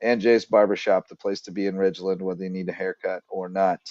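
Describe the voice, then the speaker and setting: A man's voice: low-pitched, little pitch movement, quick pace, darkish tone, dry recording, muffled recording. A man hosting a casual sports podcast, telling stories and reading sponsor plugs in a chatty, joking way. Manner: chatty storyteller, jokey, reels off sponsor plugs. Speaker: podcast host.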